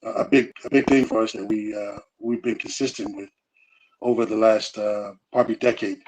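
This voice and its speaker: A man's voice: fairly low pitch, fairly even intonation, normal speed, darkish tone, low-quality recording. A middle-aged man in casual conversation, talking loosely with frequent restarts and "you know" fillers. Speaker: guest speaker on family.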